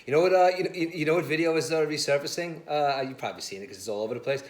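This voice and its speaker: A man talks football at a brisk clip, animated and full of fillers like "listen" and "you know." His voice carries a roomy echo, as if he is recording in a bare room. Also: a little high. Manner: animated, laughing storyteller, says "listen" and "you know" a lot. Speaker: sports show co-host. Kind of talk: casual sports chat.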